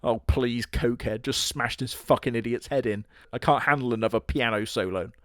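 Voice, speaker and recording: A man doing comedic anime review narration in a sarcastic, crude, deadpan manner. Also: mid-range voice, a little fast, dry recording, studio quality. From Britain.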